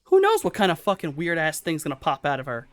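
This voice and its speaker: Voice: medium pitch, wildly swooping pitch, quick pace, dry recording. A game master voicing a cold, cruel man who mocks his brother in a sober, unslurred tone. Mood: mocking.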